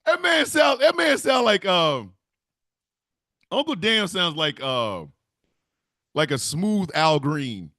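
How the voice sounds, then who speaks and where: A man's voice: high-pitched, big pitch swings, takes it slowly, pauses often, bright, forceful tone, dry recording, studio quality. A man hosting a casual stream, talking emphatically, swearing and laughing often. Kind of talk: casual livestream chat.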